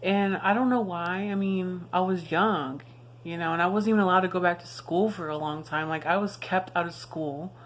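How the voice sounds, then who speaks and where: Young woman telling a story, slightly low. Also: normal speed. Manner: casual, frank, swears freely, many fillers. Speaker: vlogger. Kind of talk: personal storytelling to camera.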